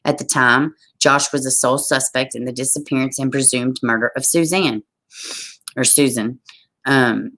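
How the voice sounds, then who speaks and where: A woman's voice: extremely low pitch, fairly bright tone. A tired woman with a Southern US accent hosting a true crime livestream, reading a case aloud and breaking off to greet viewers.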